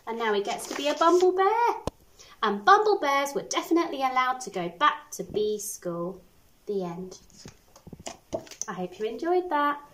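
A woman primary school teacher reading a picture book aloud to children, expressive with little asides. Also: high voice, normal speed, slight background noise, rough recording. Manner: animated, expressive storytelling with asides.

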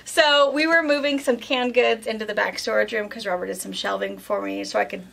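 A woman's voice: mid-range voice, brisk, vocal fry. A woman in her thirties co-hosting a quilt shop video, chatting casually and telling funny family stories with frequent laughter. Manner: animated storyteller, laughs often. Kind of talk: casual chat.

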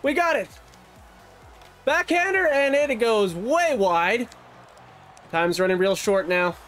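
A young man with a strikingly high voice calls his own video game hockey match like a sportscaster, rattling off plays and yelping at near misses. Light background music runs under his voice. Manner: animated, fast play-by-play with yelps and laughs. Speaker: gaming YouTuber doing play-by-play. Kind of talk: excited self-commentary over a hockey video game.

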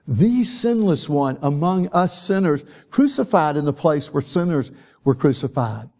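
Male pastor, high voice, mellow dark tone, church sermon. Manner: impassioned preaching, dropping to a soft prayer. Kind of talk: sermon and closing prayer. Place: church sanctuary.

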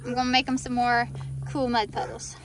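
A woman's voice: a little high, level tone, brisk. A woman chatting casually for a farm vlog and coaxing her animals outdoors. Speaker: farm vlogger. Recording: faint background noise outdoors. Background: farm animals and outdoor ambience.

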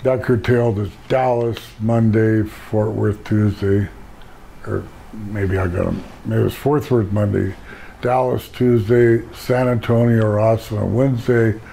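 A hoarse older man telling stories about his career in a casual interview, rambling and correcting himself. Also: on the low side, fairly even intonation, measured pace, mellow, a little hiss or hum, rough recording. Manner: rambling storyteller, self-correcting. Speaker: interview guest.

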